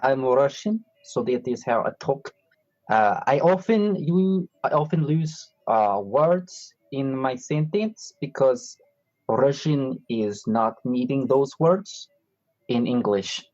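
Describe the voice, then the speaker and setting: A man's voice: medium pitch, expressive, takes it slowly, darkish tone, highs cut off. A man putting on a joking, exaggerated Russian accent as a boastful man who speaks broken English and drops words. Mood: mock-serious.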